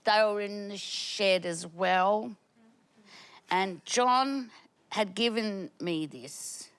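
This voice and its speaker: A woman guest on a comedy panel show, telling a rambling story with laughter and shouted quotes. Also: medium pitch, drawn-out words. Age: older. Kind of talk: comic storytelling. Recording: studio audience laughter behind.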